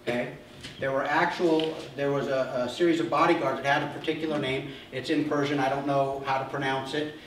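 A man's voice: medium pitch, fairly even intonation, fairly quick, a bit bright, distant mic, slight background noise. A male pastor giving a casual sermon, retelling a story with humorous asides. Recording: echoey church hall, mic from afar.

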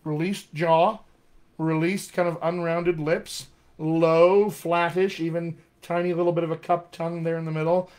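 A man with a General American accent, teaching accents in a live-streamed lesson with an energetic, emphatic manner. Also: on the high side, measured pace. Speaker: dialect coach. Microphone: webcam or phone mic.

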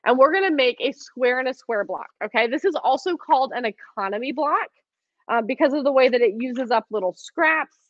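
A woman's voice: high-pitched, expressive, fairly quick, no echo. A woman teaching a live online quilting class, chatty and encouraging, with frequent ums as she works and answers viewer questions. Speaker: quilting instructor. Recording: dry, slightly dull stream audio.

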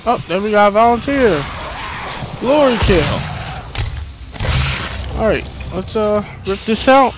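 A woman doing let's play commentary, trash-talking enemies with profanity and loud whoops. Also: medium pitch, expressive, slow, long pauses, noisy background. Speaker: gamer playing on stream. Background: game music and gunfire.

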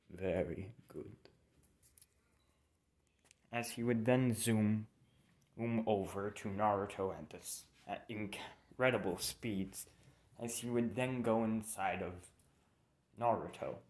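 A man's voice: lowish voice, darkish tone. A young man casually narrating a fan story, rambling and correcting himself with informal asides. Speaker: channel narrator.

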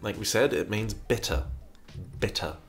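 A man with a fairly low voice hosts a casual commentary show, reading out viewer questions and answering with wry, rambling asides. He keeps doubling back and restarting his sentences. Faint music plays underneath. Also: lively intonation, moderate pace, vocal fry. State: burpy after breakfast.

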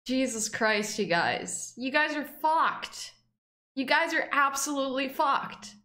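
A young woman streamer talks in a slow, unhurried way, emotional and teary, with plenty of swearing. Her voice is bright and a little high. The room around her sounds echoey. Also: lively intonation. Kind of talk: casual reaction stream.

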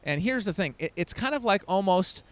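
Man, 30s, dating coach, emphatic, animated pitch, smooth voice. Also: a little fast, no echo. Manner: emphatic, swings into loud demos. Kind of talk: energetic coaching talk to camera.

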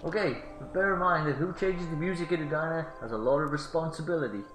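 A man's voice: a little high, fast talker, pitched above the performer's own voice, lightly acted. Give me a man playing a chatty, caring diner bartender in a roomy space. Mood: earnest. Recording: roomy sound with faint music.

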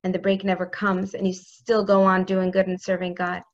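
A woman's voice: mid-range voice, monotone, normal speed, muffled recording. A woman giving a heartfelt spiritual talk as a religious teacher, intimate and earnest. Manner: intimate, earnest, speaks prayers aloud.

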